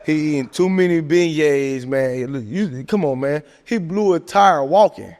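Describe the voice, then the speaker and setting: A man's voice: fairly high pitch, normal speed. Joking man in a reverby room. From American South. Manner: animated, joking, lots of "man" and "hey, look". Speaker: podcast host. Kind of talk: casual sports chat. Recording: long hall reverb.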